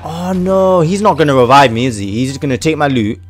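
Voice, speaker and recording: An English man giving excitable casual commentary while playing a game, shouting at his teammate. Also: fairly high pitch, a little fast, no room sound, soft background music. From England. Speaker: gaming video host.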